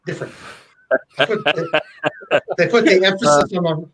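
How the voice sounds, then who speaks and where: A man's voice: a little high, normal speed, rough recording. A man from Canada joining a livestream as a guest, joking and telling short stories in casual chat. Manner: joking, lively storyteller. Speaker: guest on the stream.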